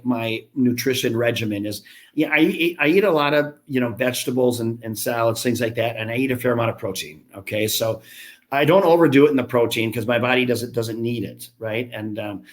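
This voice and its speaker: This guest on a laid-back podcast interview is a gym franchise founder in his fifties. He speaks at medium pitch and a normal speed, trading blunt, talkative, self-deprecating anecdotes.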